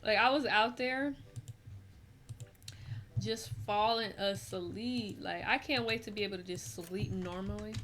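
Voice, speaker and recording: A tired young woman rambles through a game stream in loose, slangy chat. Her voice sits at an ordinary pitch for a woman. A steady hiss and keyboard clicks run under the talk. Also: unhurried, long pauses. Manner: chatty, rambling, relaxed slang. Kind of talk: casual gameplay chat.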